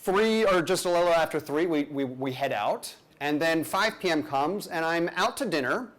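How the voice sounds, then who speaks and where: A man's voice: on the high side, animated, moderate pace, a bit bright. A man telling a personal story live to an audience, conversational with playful, self-deprecating asides.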